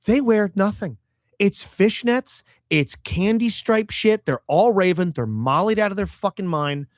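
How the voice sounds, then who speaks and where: A man's voice: high voice, animated, measured pace, dry recording, studio quality. A man co-hosting a podcast, joking crudely in casual chat. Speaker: podcast co-host.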